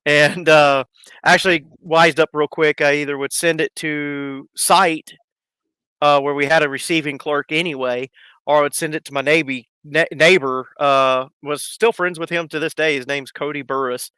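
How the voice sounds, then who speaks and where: A man's voice: a little high, steady tone, moderate pace, bright, forceful tone, clean tone, no room sound. A man casually telling rambling stories on a live stream, laughing and acting out the people in them. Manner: rambling, laughing, acts out voices in his stories. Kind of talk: casual storytelling.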